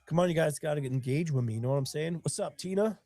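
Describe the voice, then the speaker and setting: Hosting his own live stream while sick with bronchitis, a man sniffles through casual chat in a warm, fast, somewhat high voice. The recording is dry, and he rambles heavily while telling stories with earnest emotion.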